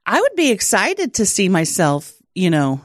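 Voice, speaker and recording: A woman co-hosting a casual podcast, telling her story with animated energy and frequent laughs. Her pitch swings widely and her voice sits at a middle height. The sound is dry and close, with no room echo. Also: normal speed. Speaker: podcast co-host.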